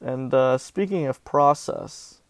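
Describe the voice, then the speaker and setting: Gravelly, melodramatic sports-betting host. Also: male voice, medium pitch, takes it slowly, no room sound. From Southern California. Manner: animated, melodramatic self-mocking complaints. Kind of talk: casual sports betting chat.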